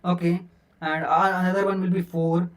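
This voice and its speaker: A man's voice: high voice, level tone, moderate pace, recorded from a distance. A man teaching a coding lesson, counting numbers aloud step by step and correcting himself as he goes. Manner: self-correcting with frequent fillers. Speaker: programming teacher. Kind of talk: screen-recorded coding lesson.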